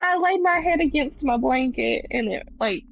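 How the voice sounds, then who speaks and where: Sleepy Appalachian woman guest, high gravelly voice, muffled lo-fi mic. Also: expressive, a little hiss or hum. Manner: halting, trailing off. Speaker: stream guest.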